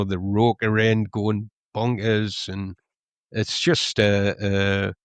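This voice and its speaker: A man's voice: on the low side, clean tone, dry recording. Hesitant, rambling man. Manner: rambling, many ums and restarts. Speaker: podcast co-host, club historian. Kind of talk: casual podcast chat.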